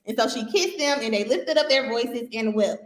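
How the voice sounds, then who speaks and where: A woman hosting a podcast and teaching from the Bible in a casual, animated way, talking straight to her listeners with colloquial asides. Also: a little high, normal speed, roomy sound.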